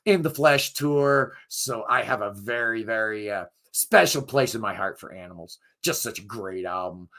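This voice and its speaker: Middle-aged male music channel host, hoarse and fading, gravelly edge, bright tone, rambling and enthusiastic. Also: mid-range voice. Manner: rambling, enthusiastic, self-deprecating. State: hoarse, losing his voice. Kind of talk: casual live chat with viewers.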